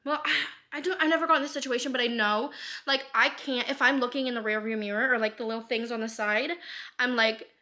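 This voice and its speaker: Chatty, bright-voiced young woman vlogging. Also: on the high side, fairly even intonation, brisk. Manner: rambling with many fillers and frequent laughs; swears casually. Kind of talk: candid personal vlog.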